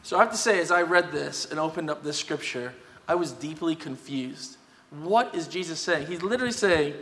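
A man preaching a sermon as pastor, talking conversationally and emphatically, often checking in with a quick "yeah?". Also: a little high, fairly bright tone. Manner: conversational, emphatic, tag questions. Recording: long hall reverb.

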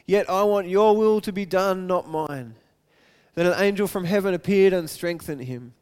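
High, smooth-voiced male preacher. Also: normal speed. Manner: animated, acts out quoted lines with big swings from loud to hushed. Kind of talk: sermon.

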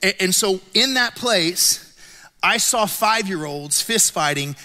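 A middle-aged man preaching with a high, bright, forceful voice. He tells stories with playful self-mocking humor. His voice rings out with the long reverb of a large church hall. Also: expressive, slow pace. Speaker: pastor. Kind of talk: sermon. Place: church auditorium.

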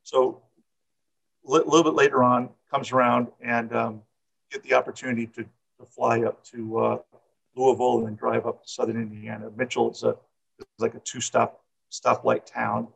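Middle-aged man, coach, heavy vocal fry, husky tone, rambling personal story full of fillers. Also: medium pitch, flat delivery, moderate pace, fairly bright tone, poor audio. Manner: rambling, repeats words, many fillers.

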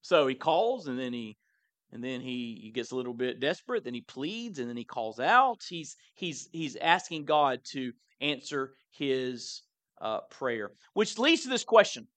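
A man's voice: medium pitch, big pitch swings, a little slow, a bit bright, no room sound. A man pastor preaching a sermon in a conversational way, often repeating words as he stresses a point.

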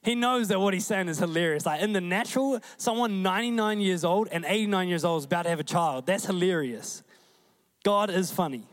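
Male preacher, New Zealand accent, slightly high voice, casual and lively sermon delivery. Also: brisk. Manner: conversational, animated, acts out quoted voices.

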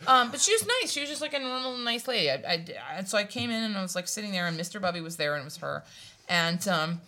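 Lively laughing woman with a bright tone. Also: mid-range voice, fast talker. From Hawaii. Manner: animated, laughs often and acts out the people in her story. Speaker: storytelling guest. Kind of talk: casual spoken storytelling.

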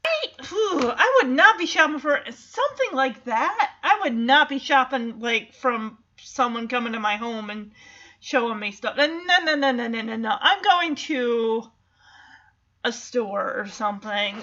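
A woman's voice: a little high, lively intonation, a little slow, sharp tone, dull audio. A woman casually recapping a sitcom episode, chatty, with laughing asides. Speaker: show recapper.

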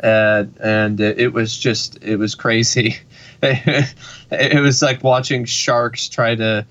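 A man's voice: medium pitch, level tone, slow pace, fairly bright tone. A man co-hosting a casual podcast, talking in an easygoing, rambling way and often repeating his words. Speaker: podcast co-host. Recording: dull, dry lo-fi sound.

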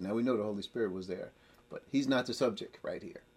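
Husky-voiced man teaching scripture. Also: fairly low pitch, a little mellow. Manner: explains slowly, then builds to emphatic rising points. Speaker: Bible teacher. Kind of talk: verse-by-verse Bible teaching.

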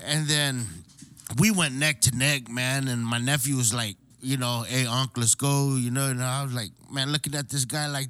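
Brief: a man, casual podcast storyteller, bright tense voice, dry close sound, profane and animated. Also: medium pitch, normal speed, no echo. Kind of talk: casual chat.

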